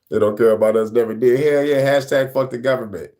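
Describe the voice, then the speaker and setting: A young man with a New York accent, co-hosting a casual, profane podcast chat, animated and laughing often. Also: medium pitch. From New York, Bronx. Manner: animated, laughing, swearing, breaks into rap voices. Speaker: podcast co-host.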